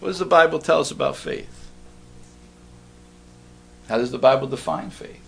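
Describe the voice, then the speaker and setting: Gravelly man preaching a sermon. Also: a little high, moderate pace, a bit bright. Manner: conversational, asks the congregation questions.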